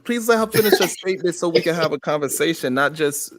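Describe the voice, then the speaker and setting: High bright man trying to keep order. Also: animated, fast talker.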